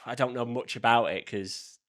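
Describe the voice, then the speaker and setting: A man's voice: mid-range voice, fairly even intonation, normal speed. A young Englishman with an ordinary mid-range voice chats on a podcast. He rants bluntly and waves things off as rubbish, talking loosely with lots of fillers. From England. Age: young adult. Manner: blunt, dismissive ranting. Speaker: podcast co-host. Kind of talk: casual chat.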